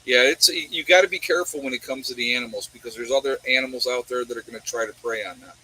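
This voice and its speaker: A man's voice: mid-range voice, steady tone, fast talker, sharp tone, a little hiss or hum, low-quality recording. A man with a New York accent hosting a livestream and answering viewer chat in a rambling way, often asking his audience rhetorical questions. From New York State.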